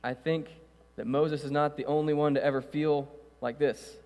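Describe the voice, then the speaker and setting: A man's voice: a little high, fairly even intonation, normal speed, dull audio. A male pastor preaching a sermon in a church, reading scripture and then explaining it casually with fillers. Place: church sanctuary. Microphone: stage microphone with echo. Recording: hall reverb in church.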